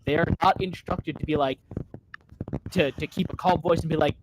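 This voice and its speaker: A man's voice: on the high side, brisk, very noisy. A man co-hosting a comedy stream, chatting casually and ranting animatedly when he corrects the others. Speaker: co-host. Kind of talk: casual chat.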